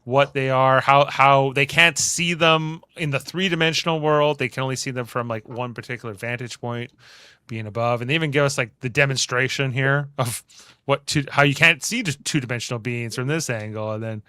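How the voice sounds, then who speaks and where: A man's voice: medium pitch, brisk, sharp tone, clear, resonant tone, dry recording, clean studio sound. A man hosting a podcast, recapping a TV episode in a chatty, rambling way. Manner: chatty, rambling, many fillers. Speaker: podcast host.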